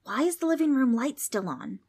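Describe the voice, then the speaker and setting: A woman voicing a bossy, fearless young girl in a storybook reading, brisk and commanding. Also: high voice, very animated, darkish tone, slightly rough, pitched above the performer's own voice, exaggerated voice. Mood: puzzled.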